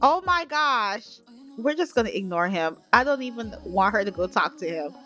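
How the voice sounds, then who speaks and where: Woman vlogger, chatty game narration, addresses viewers, mid pitch, faint background music. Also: expressive, brisk. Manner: chatty, talks straight to viewers. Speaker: gaming vlogger. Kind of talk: life-sim gameplay narration.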